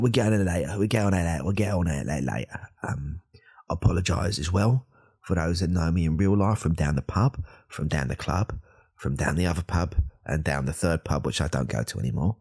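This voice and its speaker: Brief: man doing a very low, husky alpha-bro podcaster in whispered role-play, rambling and self-important. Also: heavily acted. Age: 30s. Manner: hushed, rambling, self-correcting. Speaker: podcast host.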